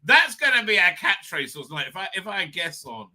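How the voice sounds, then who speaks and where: A man's voice: high voice, sing-song, brisk, sharp tone. A man hosting a live stream, rambling crudely and laughing often between his own remarks.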